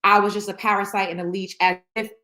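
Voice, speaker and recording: A woman's voice: mid-range voice, flat delivery, quick pace, pushed and bright. A woman hosting her own show, talking candidly to camera in an emotional, blunt way, swearing freely and rambling with restarts. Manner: rambling, many restarts and fillers. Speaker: show host. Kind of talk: candid reaction vlog.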